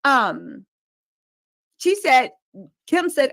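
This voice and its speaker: A woman's voice: on the high side, expressive, moderate pace, a bit bright, no room sound. A woman co-hosting a casual commentary show, reading quotes from a book aloud with emphatic bursts.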